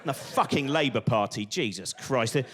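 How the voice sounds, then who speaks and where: A man's voice: mid-range voice, animated, moderate pace, fairly bright tone. A man doing stand-up comedy on stage, ranting and swearing with exasperated energy.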